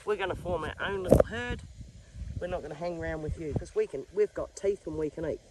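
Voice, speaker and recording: A woman's voice: on the low side, a little fast, distant mic, very noisy, natural voice. Woman voicing a matter-of-fact male horse. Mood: smug. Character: calm, loyal male horse.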